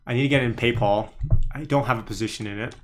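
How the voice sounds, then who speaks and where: A man's voice: mid-range voice, fast talker. A man hosting a live trading stream, chatting casually through market commentary and answering viewers as he thinks aloud. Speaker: livestream stock trading host.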